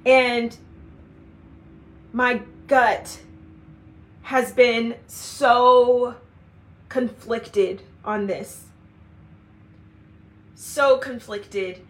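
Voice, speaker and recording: Slow, high-voiced earnest woman. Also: steady tone. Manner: earnest, heartfelt, repeats phrases for emphasis. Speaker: leader of a women's community. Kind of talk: personal faith vlog monologue.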